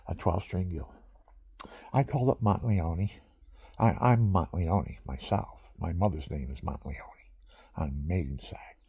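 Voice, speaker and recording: An older man with a low, gravelly, husky voice that turns dark and mellow. He wanders through his thoughts, repeats himself and slips into whispered asides. The sound is close and dry. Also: no room sound. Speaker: musician vlogger. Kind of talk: rambling casual monologue.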